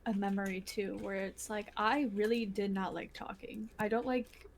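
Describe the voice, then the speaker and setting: A woman's voice: mid-range voice, steady tone, moderate pace. A woman co-hosting a podcast in casual chat, rambling with many fillers and restarts. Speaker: podcast co-host.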